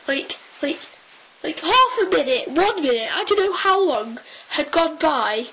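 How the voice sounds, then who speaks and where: A young woman telling a personal story in a rambling, excitable way, full of fillers and restarts. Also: high voice, a little slow, slight background noise, low-quality recording. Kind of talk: casual storytelling.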